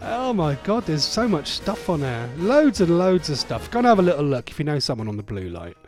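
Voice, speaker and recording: A man's voice: on the high side, sing-song, brisk, darkish tone, faint music behind. A middle-aged man hosting a radio show in casual, rambling, jokey chat. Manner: rambling, chatty, loose and jokey. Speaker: radio host.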